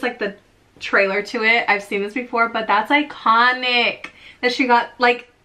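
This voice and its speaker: Bright, gushing young woman vlogger. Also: a little high. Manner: gushing, excitable, swings into laughing shrieks. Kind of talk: casual reaction commentary.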